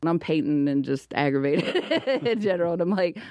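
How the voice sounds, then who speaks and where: A woman comedian in her thirties, a guest on a casual podcast, telling animated stories and laughing often. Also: deep voice, a little fast, dry recording, clean studio sound. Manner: animated storyteller, laughs often, acts out her kids' voices.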